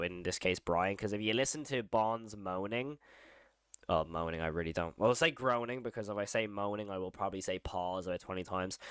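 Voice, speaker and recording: A man's voice: fairly low pitch, a bit bright, smooth, no room sound, clean studio sound. A man hosting a casual live horror reaction stream, thinking aloud, rambling and repeating phrases as he goes. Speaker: horror channel host.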